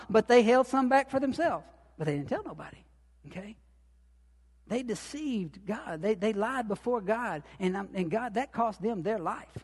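High-voiced man preaching in a hall. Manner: folksy, repetitive, rising to emphatic bursts. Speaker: lay preacher. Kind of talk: sermon. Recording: long reverb of a hall.

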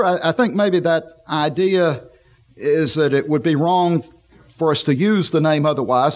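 Halting higher-voiced male preacher. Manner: halting, frequent fillers and restarts while reading scripture. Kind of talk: sermon.

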